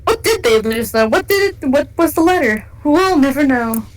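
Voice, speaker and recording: A woman's voice: sits high, animated, normal speed, low-quality recording. A woman co-hosting a podcast in casual chat, giggling often and reading rhyme lyrics aloud. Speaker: podcast co-host.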